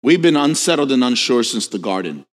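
A man preaching a sermon as pastor, swinging from hushed lines to shouted questions, telling stories with casual asides. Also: mid-range voice, big pitch swings, fairly quick. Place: church sanctuary. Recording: long hall reverb.

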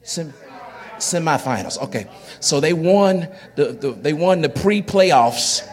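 A man's voice: fairly high pitch, animated, slow. A man preaching to his congregation in church, folksy and joking, often repeating his words. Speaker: pastor. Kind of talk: sermon. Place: church sanctuary.

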